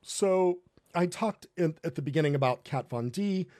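A man hosting an online faith talk show, speaking earnestly and pausing on fillers. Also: fairly high pitch, animated, a little mellow, no room sound, clean studio sound. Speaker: host.

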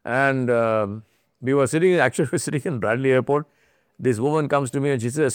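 Animated man telling stories, smooth voice. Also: mid-range voice, a little fast, dry recording, studio quality. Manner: animated, laughs often while telling stories; frequent restarts and repeated words. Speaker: religious speaker. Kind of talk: storytelling talk.

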